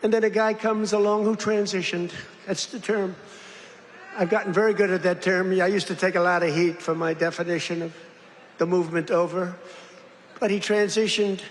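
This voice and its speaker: An older man speaks at a podium in a big industrial hall, his voice ringing with a long echo over a faint crowd murmur. He rambles from point to point, boastful and mocking, in a fairly high register. The delivery is loose and conversational, like a rally speech. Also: steady tone, normal speed, slight background noise. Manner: digressive, boastful, mocking asides. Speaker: politician giving a speech.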